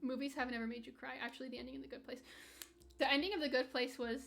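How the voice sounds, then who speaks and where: A woman's voice: sits high, fairly even intonation, rapid-fire, vocal fry, fairly bright tone, faint music behind. A young woman streaming and chatting candidly with her live chat, rambling with restarts and light laughs. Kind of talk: casual chat reading live chat while gaming.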